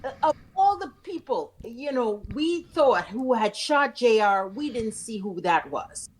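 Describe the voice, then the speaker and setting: A woman's voice: fairly high pitch, very animated, unhurried, a little hiss or hum, poor audio. A middle-aged woman co-hosting a podcast, chatting casually with dramatic reactions and playful asides to listeners. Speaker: podcast co-host. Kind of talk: casual chat.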